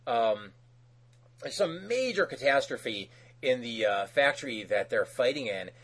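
Husky-voiced man casually recapping a cartoon. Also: mid-range voice, a little slow, rough recording. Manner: animated, laughs often, acts out characters' lines; loose, with frequent fillers and restarts. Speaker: podcast co-host. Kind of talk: casual episode recap chat.

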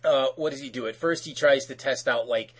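Man, podcast host, husky voice, rambling casual recap, lots of fillers. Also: medium pitch, brisk, fairly bright tone.

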